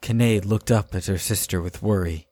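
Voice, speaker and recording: A man narrating a fantasy audiobook in a measured, even storytelling manner. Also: on the low side, dry recording.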